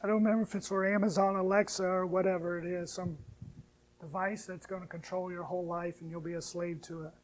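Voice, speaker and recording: A man preaching a sermon, moving from hushed, tender lines to loud, rising appeals and slowly reciting hymn verses. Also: high-pitched, flat delivery, low-quality recording. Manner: preaching with sharp swings between soft, hushed lines and loud, rising ones. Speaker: pastor.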